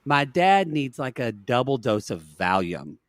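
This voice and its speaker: A man co-hosting a podcast, telling a long story in casual chat, animated and profane, recorded on a dry, close mic. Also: medium pitch, a little slow, no echo. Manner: animated, profane storytelling with dramatic quoted outbursts. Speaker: podcast co-host.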